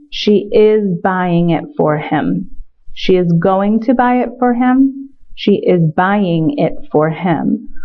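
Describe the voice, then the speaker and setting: A woman teaching a recorded Spanish grammar lesson in a chatty way, repeating words for emphasis. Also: mid-range voice. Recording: tinny phone-like sound.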